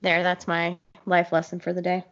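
A woman's voice: lowish voice, monotone, normal speed, fairly bright tone. A woman in casual movie talk, blunt, profane and enthusiastic as she gushes over scenes. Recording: dull lo-fi sound.

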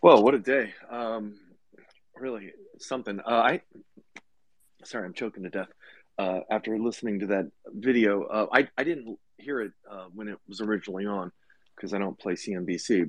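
A man speaking as a market commentator on a casual panel, animated, his voice leaping upward when he stresses a point, with many hesitations. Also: on the low side, normal speed, no echo.

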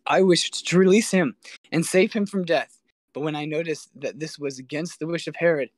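A man gives voice to a stern Roman governor who rebukes and threatens. The delivery is formal and declamatory, slightly high in pitch, recorded close and dry. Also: normal speed, no room sound, close to an everyday voice.

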